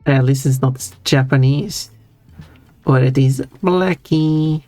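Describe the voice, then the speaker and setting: A streamer chatting casually during a drawing session, talking slowly and unhurriedly at a mid pitch. Sentences often stall, restart and trip over themselves while the streamer reads out and answers chat messages. Soft music plays faintly underneath. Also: dry recording. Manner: rambling, frequent restarts and stammers. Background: faint background music.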